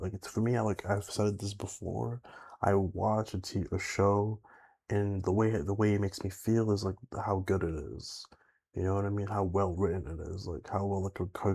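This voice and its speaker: A man's voice: fairly low pitch, creaky, warm tone, slightly rough. A young man chatting casually to camera as a YouTuber, rambling with lots of filler words and swearing. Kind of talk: casual rambling vlog chat.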